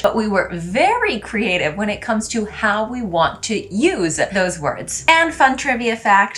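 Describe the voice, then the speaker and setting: A woman's voice: on the high side, a bit bright. A woman hosting a casual video lesson, bubbly and chatty with playful asides. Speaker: language YouTuber.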